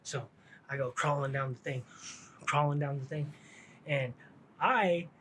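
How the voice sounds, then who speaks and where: A man's voice: fairly high pitch, unhurried, sharp tone, slight background noise. A middle-aged man telling a rambling story about his past, full of street slang and restarts. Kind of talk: casual storytelling.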